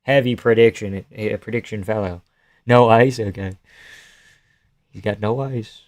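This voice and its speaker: A man's voice: lowish voice, unhurried, long pauses, no room sound. A young Canadian man casually commenting on fights on a live stream, joking, swearing and laughing as he reacts to chat.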